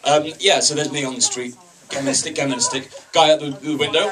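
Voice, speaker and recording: A man's voice: a little high, steady tone, fast talker, few pauses, distant mic. A man doing open-mic stand-up in a comedy club, chatty with the crowd and wryly self-deprecating.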